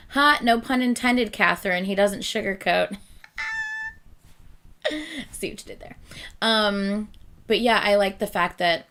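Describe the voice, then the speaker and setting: A woman's voice: on the low side, a bit bright. Chatty woman reacting to music. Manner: chatty, rambling with many fillers; self-deprecating, laughs often. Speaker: reaction video host. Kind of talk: casual reaction commentary.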